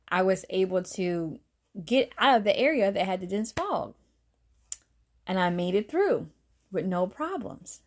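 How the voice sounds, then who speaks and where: A woman in her thirties hosting a podcast, telling a faith story in a casual, earnest way, often laughing and repeating phrases for emphasis. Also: mid-range voice. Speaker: podcast host giving a devotional talk.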